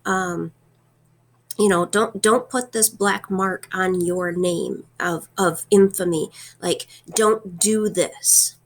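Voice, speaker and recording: Woman voicing an old man urging in hushed tones, gravelly edge, storybook read-aloud. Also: lowish voice, steady tone, slow. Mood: urgent. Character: scheming old male physician, urgent and pleading.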